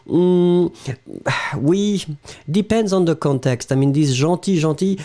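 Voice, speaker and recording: A man's voice: high-pitched, unhurried, dark tone. A middle-aged French man with a French accent, teaching a live online lesson in a chatty way, often laughing and slipping into French. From France.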